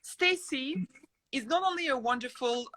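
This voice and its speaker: A woman's voice: sits high, normal speed, pushed and bright, low-quality recording. A woman film director talking in a casual interview, effusive and full of praise for her actress.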